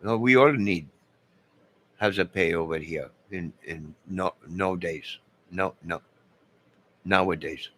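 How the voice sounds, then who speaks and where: A man's voice: sits low, slow, pauses often, a bit bright. A man in his fifties chatting live with viewers, rambling and losing his train of thought. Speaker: live streamer.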